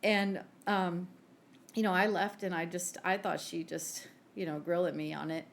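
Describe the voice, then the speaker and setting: A woman with a fairly low voice tells a personal faith story on a podcast. She is an animated storyteller who acts out the back-and-forth of her conversations. A faint hiss sits under her voice. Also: normal speed, vocal fry. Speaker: podcast co-host.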